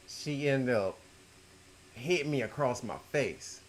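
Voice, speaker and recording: Speaking slowly and expressively, a middle-aged man tells a personal story for his YouTube audience at home. It's casual and profane, jumping back and forth between loud outbursts and low mutters.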